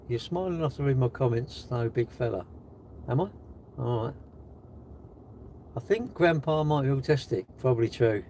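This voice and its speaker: A British man streaming live from his car, mocking the comments he reads out. His voice sits in a middle pitch, with a faint hiss of noise underneath. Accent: British English. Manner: sarcastic, mocking and lively. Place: in a car while charging it.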